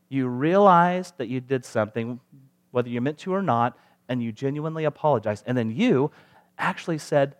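A man's voice: mid-range voice, a little fast. A male pastor preaching a sermon in a conversational way, asking the congregation rhetorical questions.

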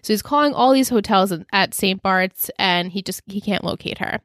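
A woman co-hosting a podcast, recapping a TV show in a lively casual chat, laughing and swearing freely. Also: mid-range voice, moderate pace, no echo, clean studio sound. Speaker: podcast co-host.

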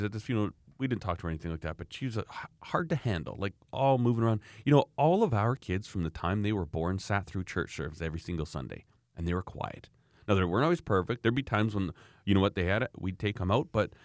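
Man from canada, low voice, dry close sound, casual rambling chat, emphatic. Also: a little mellow, no echo. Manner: rambling and emphatic, with frequent restarts. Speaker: parent sharing views.

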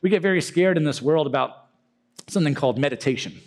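A man's voice: fairly high pitch, fast talker, darkish tone. A young man giving a casual, joking talk to a youth group, acting out silly prayer voices.

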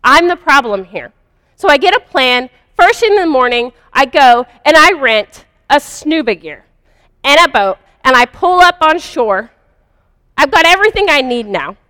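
A woman with a high, sing-song voice, pushed and bright, speaks a little slowly as she earnestly shares a personal spiritual story. Her first-person retelling is confessional and vivid, and the recording is dry yet has a long reverb tail.

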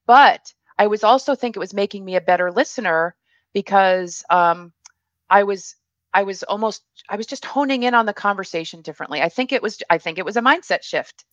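A woman hosting a show, chatting in a relaxed and agreeable way with her guest. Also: medium pitch, a little fast, dry recording, muffled recording. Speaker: show host. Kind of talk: casual interview chat.

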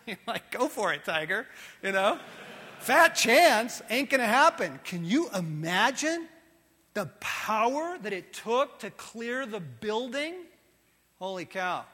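A man preaches with a high, bright voice that leaps from loud bursts to hushed, tender lines. His sermon rings through a large hall with a long reverb tail. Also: takes it slowly. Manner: animated, swinging from loud to soft and intimate.

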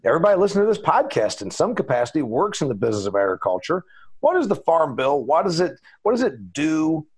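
A man's voice: a little high, very animated, fast talker, a little mellow, breathy edge. A man hosting a farm business podcast, talking in a chatty, emphatic, folksy way. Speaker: podcast host. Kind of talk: casual podcast chat.

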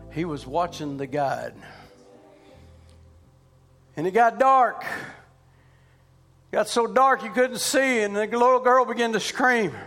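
High, bright-voiced preacher over music. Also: male voice. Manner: swings from hushed to shouting, preaching cadence. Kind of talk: sermon.

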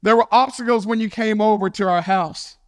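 A man's voice: high voice, brisk. A male pastor giving a storytelling sermon, moving from a childhood anecdote into scripture. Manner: storytelling, animated, with shouted quotes of a friend's catchphrase.

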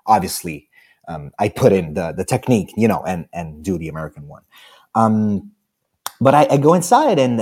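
An Italian man with a clear Italian accent recounts his story in casual conversation. His pitch leaps up and down as he acts out what people said, and he laughs readily between lines. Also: darkish tone. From Italy. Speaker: actor, interview guest. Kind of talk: casual anecdote telling.

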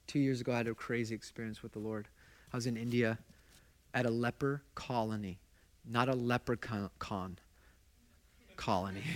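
A man's voice: mid-range voice, steady tone, normal speed, pauses often. A male pastor delivering a sermon in a middle-range voice. He talks conversationally, drawing the congregation in with questions. He tells his stories with passion. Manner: impassioned storytelling.

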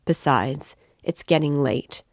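A woman voicing a composed, firm young woman in a storybook reading, calm and reassuring. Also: low-pitched, takes it slowly, vocal fry, no echo, clean studio sound, full character voice. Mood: urging.

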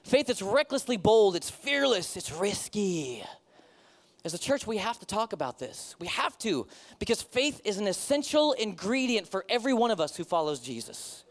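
Lively high-voiced man preaching a sermon. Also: normal speed. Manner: animated, conversational, self-mocking asides. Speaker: pastor.

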